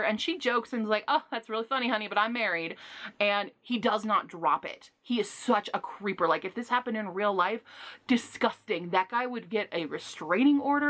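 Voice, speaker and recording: A woman giving a casual book review, retelling plots in an animated, indignant rant with sighs and exasperated asides. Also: mid-range voice.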